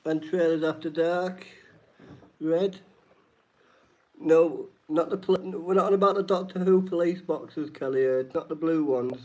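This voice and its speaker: A man's voice: fairly high pitch, steady tone, a little slow, darkish tone. A man hosting a live-stream trivia night, reading each question twice and greeting chat viewers by name. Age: adult. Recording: dull lo-fi stream audio.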